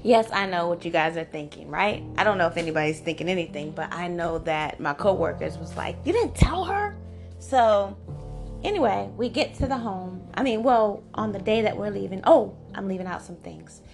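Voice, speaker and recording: A woman in her forties hosting a podcast, telling a personal story in a chatty, animated way full of "like" and "you know". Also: lowish voice, a little fast, gravelly, hardly any pauses. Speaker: podcast host. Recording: music playing underneath. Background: background music.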